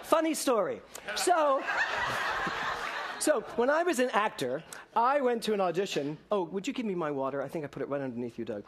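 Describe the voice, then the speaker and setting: A male minister preaching with a high voice that swings widely up and down. He tells stories with laughter and asks his listeners pointed questions. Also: brisk, a little hiss or hum. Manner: lively storytelling with laughter and rhetorical questions. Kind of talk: sermon.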